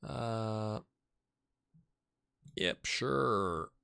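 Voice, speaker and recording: On the low side, creaky yet bright, smooth, and forceful, this gaming channel host draws out his words as he plays a football management game for a let's-play. He chats casually, joking at his own expense with muttered asides, in a dry, clean studio recording.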